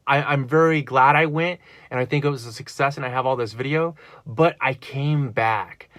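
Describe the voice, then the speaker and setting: A man's voice: mid-range voice, fairly bright tone, no echo. A man talking in a rambling personal monologue, earnest and full of fillers and restarts. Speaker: vlogger.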